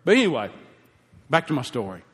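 A man's voice: mid-range voice, wildly swooping pitch, brisk, fairly bright tone, husky. A man, a pastor telling a heartfelt personal story in a folksy sermon. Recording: long hall reverb.

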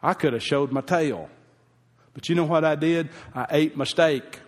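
A man's voice: fairly high pitch, normal speed. A man, a pastor telling a heartfelt personal story in a folksy sermon. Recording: long hall reverb.

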